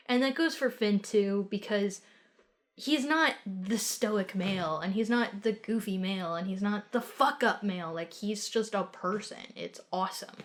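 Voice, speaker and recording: A woman from Texas co-hosts a film review podcast in relaxed, casual conversation. She speaks bluntly, swears freely and scatters "like" through her sentences. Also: mid-range voice. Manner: quick asides, many "like"s. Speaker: podcast co-host.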